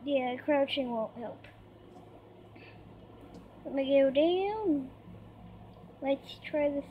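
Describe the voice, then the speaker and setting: A woman's voice: high-pitched, drawn-out words. A woman giving chatty gameplay commentary, easily startled and squealing when things go wrong. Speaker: gamer. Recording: dull lo-fi mic, faint noise.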